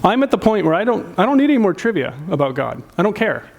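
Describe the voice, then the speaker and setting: A man's voice: high-pitched, very animated, fast, gravelly. A man preaching a sermon as pastor of a church, telling a story earnestly and often restarting his sentences.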